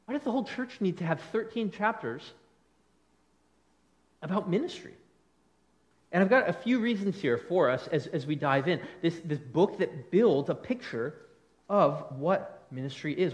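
Animated high-voiced male pastor preaching. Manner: animated, conversational preaching with quick acted-out quotes. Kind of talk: sermon.

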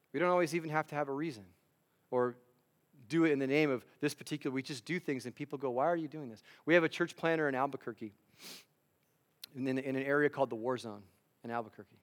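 A man gives a sermon in an earnest, talky way. He often trips over his words and starts his sentences again. His voice sits at a middling pitch. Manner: earnest, conversational preaching with many restarts. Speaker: district superintendent and chaplain preaching.

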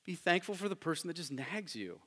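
A man's voice: fairly high pitch, very animated, a little fast, pushed and bright, in a large hall. A middle-aged man preaching a sermon as a pastor, talking conversationally with frequent rhetorical questions. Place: church sanctuary.

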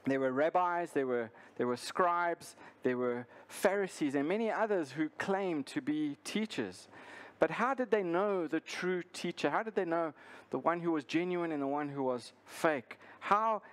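A man's voice: fairly high pitch, animated, a little slow. Earnest man preaching a sermon. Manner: earnest, with frequent restarts and fillers. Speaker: pastor.

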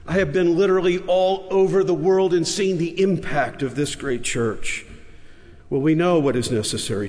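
A man's voice: fairly high pitch, normal speed, darkish tone. A man, a pastor, preaching a sermon and telling a story with emphasis, in a large church sanctuary. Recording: echoey large church hall.

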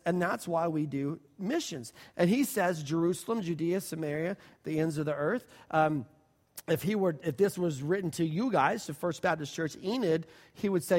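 A middle-aged male pastor, preaching a sermon with lively stories that build to emphatic declarations. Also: a little high. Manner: animated storytelling preacher, rising to emphatic declarations.

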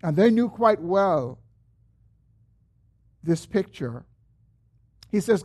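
A man preaching a sermon as pastor. He is earnest, lifts his voice when he quotes a prayer, and drops low and slow at the end of phrases. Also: expressive, warm tone, breathy edge.

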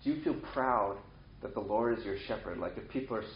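A man's voice: lowish voice, a little fast, a little hiss or hum. A man preaching a casual, conversational sermon, now and then acting out animal voices. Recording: roomy, slightly dull sound.

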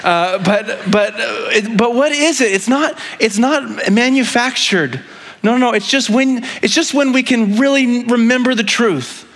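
This man speaks in a very high, fairly bright voice at an unhurried pace. He's a pastor giving an earnest, conversational sermon, restarting often and repeatedly asking the congregation "right?"

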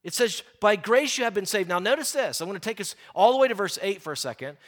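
A middle-aged man preaching a sermon, stressing key phrases slowly and often repeating words as he talks. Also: high voice, animated, a bit bright.

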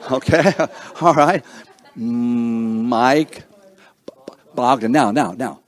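An older man with a mid-range voice speaks very slowly as he hosts a seniors breakfast. He introduces guests around the room one at a time, teasing them playfully, joking, and tripping over their names.

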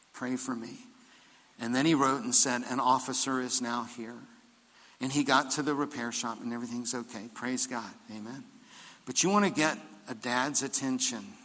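A man's voice: medium pitch, pushed and bright, long reverb tail. An older man preaching a sermon as pastor, telling stories and rising into emphatic preaching.

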